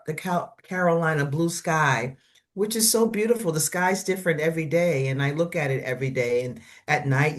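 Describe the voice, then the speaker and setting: Older woman chatting in a group. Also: rumbling low. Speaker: church member sharing. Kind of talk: casual group sharing.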